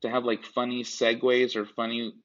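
A man's voice: mid-range voice, completely flat delivery, normal speed, fairly bright tone. A man co-hosting a podcast in casual chat, rambling with many restarts and asides. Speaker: podcast co-host. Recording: dull lo-fi sound.

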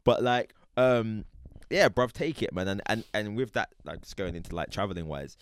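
A man's voice: lowish voice, animated, normal speed, smooth. A middle-aged man with a South London accent, hosting a casual interview, telling stories full of slang and laughing often.

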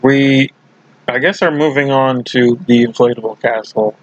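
A man's voice: medium pitch, normal speed, muffled recording. A man co-hosting a podcast, chatting casually about a sitcom episode and laughing now and then. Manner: relaxed, laughs often, recounts scenes. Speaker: podcast co-host. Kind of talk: casual episode recap chat.

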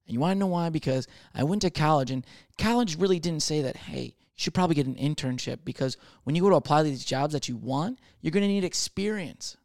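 A man's voice: a little high, animated, fast, darkish tone, no echo, studio quality. A man in his twenties telling a rambling, profane comic monologue with lots of restarts. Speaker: comedian.

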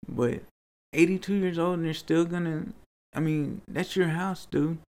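A man's voice: on the high side, steady tone, measured pace, darkish tone. A man being interviewed, telling personal stories in an earnest, rambling way that turns to pleading.

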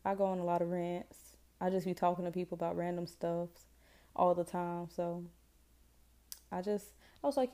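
Southern US woman, 20s, podcast host; mellow tone, rambling, slangy solo chat. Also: on the low side, steady tone, normal speed. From Jacksonville, Florida, US. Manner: chatty, rambling, self-deprecating, slangy.

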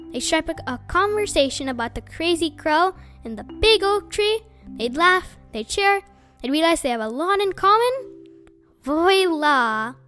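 A woman with a high-sitting voice hosts her own storytime, reading a children's book aloud in an expressive, animated way.

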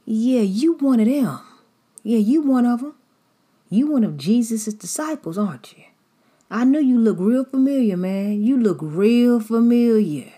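A woman voicing an excited bystander who calls out a man in loud, insistent street slang. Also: on the low side, drawn-out words, slightly rough, exaggerated voice. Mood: accusing.

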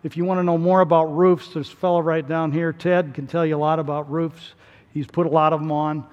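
A male pastor delivering a sermon in an animated way, his voice rising to emphatic peaks. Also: on the high side, fairly quick, dull audio. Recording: long hall reverb.

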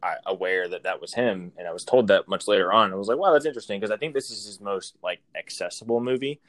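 A man's voice: low-pitched, fast talker, fairly bright tone. A man co-hosting a podcast in casual chat, rambling and swearing freely with easy laughs. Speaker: podcast co-host.

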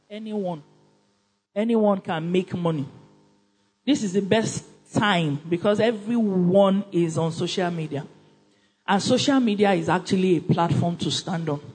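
A woman's voice: mid-range voice, darkish tone, poor audio. A woman with a Nigerian accent presenting a book review at church in a conversational, emphatic way, often repeating herself and voicing little quoted asides.

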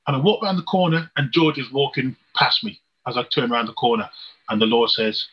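A man's voice: mid-range voice, lively intonation, fairly quick, husky. A man preaching a sermon, telling a personal testimony in an earnest storytelling way with rhetorical questions. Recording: dull lo-fi recording.

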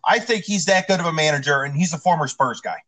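A man on a football talk show, arguing emphatically and repeating his points, clearly fired up. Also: on the high side, fast talker, fairly bright tone, rough recording. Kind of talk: heated sports debate.

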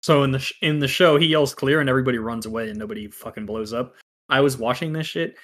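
A man's voice: medium pitch, quick pace, fairly bright tone. A laid-back man talking on a casual podcast, recapping a TV episode with a mid-range voice. He swears freely and sometimes drags his words out or trails off. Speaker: podcast co-host.

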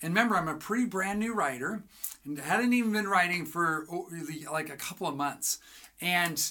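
Bright, energetic writing coach. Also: medium pitch, moderate pace. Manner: energetic, asks rhetorical questions, acts out dialogues. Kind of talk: motivational teaching talk.

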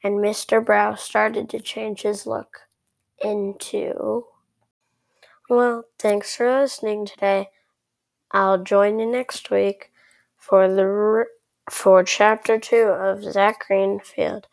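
A woman's voice: mid-range voice, level tone, slow, gravelly, no room sound. A woman narrating a story in the first person, chatty and rambling, with sarcastic asides.

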